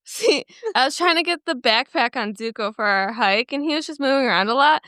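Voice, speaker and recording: A woman's voice: high-pitched, animated, pushed and bright, dry recording, studio quality. A woman co-hosting a podcast who laughs easily and reads a post aloud. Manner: quick to laugh, reads posts aloud plainly. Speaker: podcast co-host. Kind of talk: casual chat and reading a story aloud.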